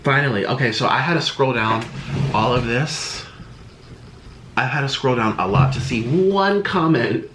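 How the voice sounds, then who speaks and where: A man doing a reaction vlog as a YouTuber, ranting in an exasperated, defensive and sarcastic way, swinging between loud outbursts and muttering. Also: on the high side. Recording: roomy echo.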